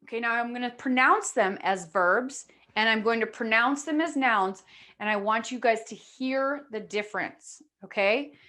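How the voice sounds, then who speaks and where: A woman's voice: fairly high pitch, moderate pace, pushed and bright. A woman teaching English pronunciation to a class, explaining patiently step by step and often checking in with her students.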